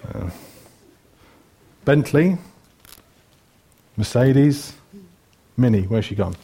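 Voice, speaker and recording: A man's voice: medium pitch, expressive, very slow, creaky, warm tone, breathy edge. A middle-aged man from Wales, preaching a chatty sermon, joking and listing things with lots of ums. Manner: chatty and joking, lists things with many fillers.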